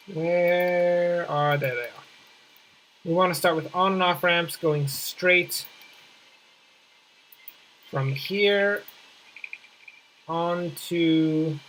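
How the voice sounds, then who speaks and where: A man's voice: fairly high pitch, fairly bright tone, a little hiss or hum, poor audio. A man giving casual let's-play commentary while building a city, chatty and wry, mocking himself and thinking aloud as he plays. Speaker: gameplay commentator.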